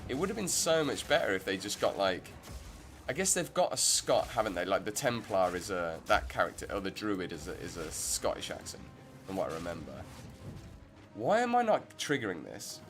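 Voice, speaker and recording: A man's voice: deep voice, sing-song, normal speed, a bit bright, faint music behind. A man giving rambling, chatty commentary while streaming a game. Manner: rambling, self-interrupting, chatty. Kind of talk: casual gameplay commentary.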